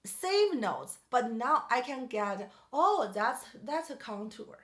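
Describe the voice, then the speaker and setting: A woman's voice: a little high, very animated, takes it slowly, fairly bright tone. A woman teaching a piano masterclass, singing melodies on syllables and questioning her student in simple English. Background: piano playing.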